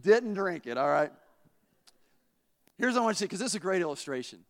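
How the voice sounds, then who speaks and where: A man preaching a sermon in a church, folksy and animated, telling stories with laughter. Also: sits high, quick pace, big-room sound.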